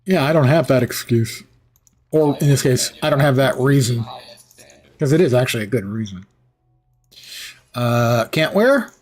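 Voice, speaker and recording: A man's voice: medium pitch, animated, normal speed, long pauses, darkish tone. A sleepy man streaming a game, rambling with wry, sarcastic asides and yawning often. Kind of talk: casual commentary while gaming.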